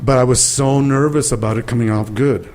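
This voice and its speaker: An older man, a guest actor, telling lively anecdotes in an interview and acting out the people in them. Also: mid-range voice, a little fast. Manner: animated storyteller acting out quoted voices. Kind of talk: interview storytelling.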